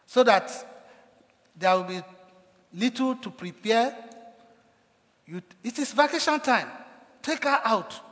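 A man's voice: very high-pitched, animated, slow pace, long pauses, a bit bright. A man preaching a sermon as pastor, with emphatic delivery that acts out quoted cries with rising force. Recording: echoey hall.

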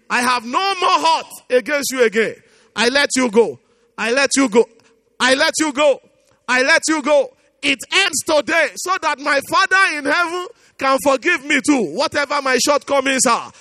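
A pastor leading a fervent prayer meeting, urging and repeating his lines, swinging from soft pleading to shouting. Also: very high voice, expressive, normal speed, in a large hall. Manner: impassioned, repetitive exhortation, swings from soft to shouting.

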